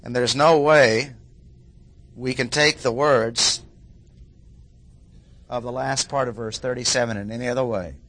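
A man preaching an expository sermon, repeating key phrases for emphasis and often clearing his throat. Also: medium pitch, fairly even intonation, unhurried, long pauses, fairly bright tone.

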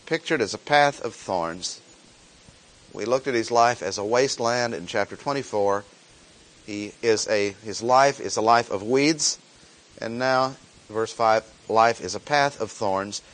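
Slow, deliberate male Bible teacher. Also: on the low side, fairly bright tone. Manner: slow, deliberate, repeats key phrases for emphasis; reads scripture aloud, then explains it plainly. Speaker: preacher.

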